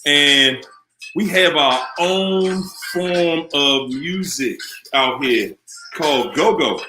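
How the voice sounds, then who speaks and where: A man from the Washington, D.C. area hosting a casual live online show, chatty and upbeat as he shouts out viewers by city. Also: on the high side, takes it slowly, echoey room, music in the background, poor audio. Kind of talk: casual live-stream chat.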